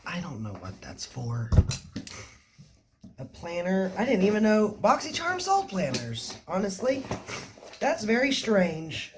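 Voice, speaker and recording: A woman, excitedly unboxing makeup in a casual vlog, swearing freely and often saying "you guys". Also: fairly low pitch, unhurried, noisy background. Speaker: beauty vlogger.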